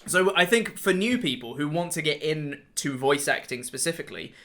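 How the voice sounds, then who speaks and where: A man hosting a casual podcast chat and talking enthusiastically in quick bursts. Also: fairly high pitch, lively intonation, a bit bright. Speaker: podcast host and game master.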